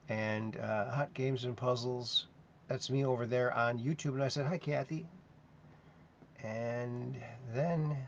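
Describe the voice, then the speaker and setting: A man's voice: mid-range voice, gravelly. A man hosting a casual livestream, chatting and reading viewer comments aloud in a sing-song voice. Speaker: host. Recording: dull lo-fi sound with faint noise.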